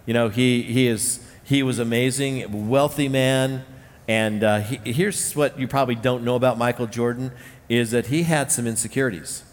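A man's voice: medium pitch, steady tone, moderate pace. A man preaching a sermon as a pastor, earnest, repeating key phrases and often restarting his sentences. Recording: long hall reverb.

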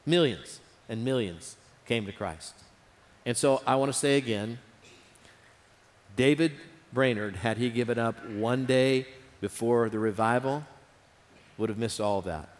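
Man preaching in an echoing auditorium. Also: medium pitch. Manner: earnest, repeats phrases for emphasis. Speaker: pastor. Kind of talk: sermon. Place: large auditorium. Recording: reverberant hall.

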